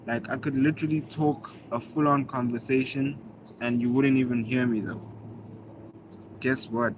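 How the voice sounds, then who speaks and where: A man's voice: medium pitch, steady tone, normal speed, slight background noise, rough recording. Laid-back South African man streaming live. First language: Zulu. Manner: laid-back slangy talk, thanking viewers. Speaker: livestreaming vlogger. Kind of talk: casual live-stream chat reading comments.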